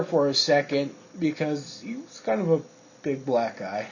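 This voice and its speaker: A man's voice: fairly high pitch, sing-song, a little slow, slightly rough. A man telling a rambling personal story in casual talk, swearing freely and using lots of fillers. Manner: profane, rambling, with frequent fillers. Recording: dull lo-fi recording with faint crickets.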